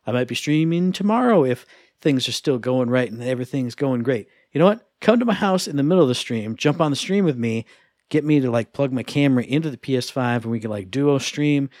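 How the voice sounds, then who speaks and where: A man's voice: medium pitch, animated, brisk, darkish tone, dry recording, studio quality. A man co-hosting a podcast, joking and rambling in casual chat. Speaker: podcast co-host.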